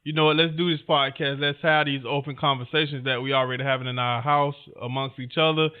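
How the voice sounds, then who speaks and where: Male co-host, laid-back rambling talk, smooth voice, narrow tinny audio. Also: mid-range voice, flat delivery, fast talker. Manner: laid-back, rambling, talks straight to listeners. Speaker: podcast co-host. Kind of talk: casual conversation. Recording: phone-like narrow sound.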